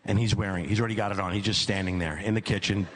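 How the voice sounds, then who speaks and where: A middle-aged comedian performs stand-up for a live audience, speaking very fast as he spins a long, animated story. He repeats phrases for laughs and his voice climbs high as his exasperation mounts, with slight background noise present.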